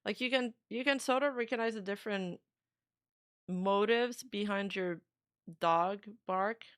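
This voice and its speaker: A woman's voice: mid-range voice, measured pace, fairly bright tone, smooth, no room sound, clean studio sound. A young adult woman streamer in casual reaction commentary, chatty, swearing freely and filling her talk with "like.".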